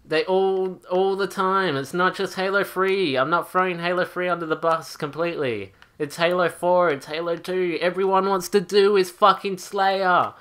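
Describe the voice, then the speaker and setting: A man's voice: high-pitched, fairly even intonation, normal speed, few pauses, fairly bright tone, smooth. Young man ranting angrily over gameplay. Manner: profane, exasperated ranting. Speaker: gaming channel host. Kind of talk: angry gameplay rant.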